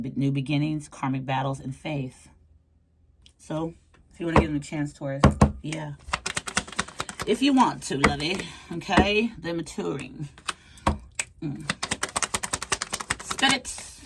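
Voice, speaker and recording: Low-voiced playful woman reading tarot. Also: heavy background noise. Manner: playful, chatty, uses pet names. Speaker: tarot reader.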